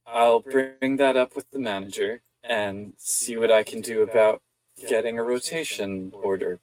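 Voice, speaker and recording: A man's voice: medium pitch, a little slow, a little mellow, poor audio. A man playing in a tabletop game, casual and easygoing. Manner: easygoing, laughs often. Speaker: player.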